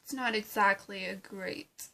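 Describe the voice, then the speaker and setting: A woman's voice: mid-range voice, a little slow, vocal fry, pushed and bright. A woman voicing a haughty, seductive female plant villain who calls others "darling" and dips into whispers. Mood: sultry. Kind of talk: fan voice acting.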